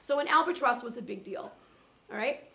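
A woman's voice: on the high side, animated, normal speed, vocal fry, a bit bright. A woman teacher giving chatty, practical tips on teaching reading. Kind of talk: teacher-training talk. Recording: echoey room.

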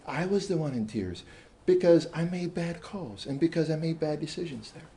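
A man telling a story to a room of teachers, animated and shifting between loud emphasis and quiet asides. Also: a little high. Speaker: speaker addressing teachers. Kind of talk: storytelling talk to an audience.

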